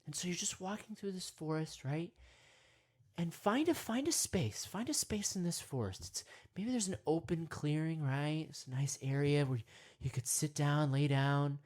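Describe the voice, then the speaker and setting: A man leading a parody guided meditation, rambling with constant "you know" and "right?", sometimes dropping to hushed whispers. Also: a little high, lively intonation, moderate pace. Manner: drops to hushed whispers at times.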